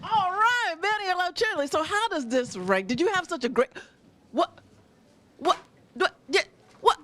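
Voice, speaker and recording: In a busy restaurant, a female on-location host with a very high-pitched, animated, fairly bright voice chats with diners a little slowly. Her upbeat, casual interviews are bubbly and gushing, full of frequent laughter.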